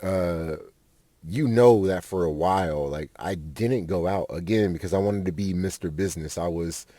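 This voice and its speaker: A man's voice: deep voice, moderate pace, dark tone, no room sound. A young man, a podcast host telling a rambling, profane story with lots of fillers. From Fort Worth, Texas. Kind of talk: casual storytelling monologue.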